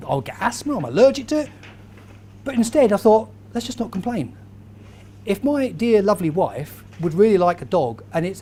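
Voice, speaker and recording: A man, giving a lively motivational talk to a live audience and quizzing the crowd as he tells stories. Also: high voice, slight background noise. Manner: animated storyteller, quizzes the crowd. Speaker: keynote speaker.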